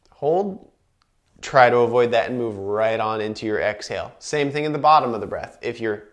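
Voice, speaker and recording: A man leading a guided breathing and movement class, calmly cueing each inhale and exhale, with chatty asides between cues. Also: medium pitch. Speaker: movement instructor.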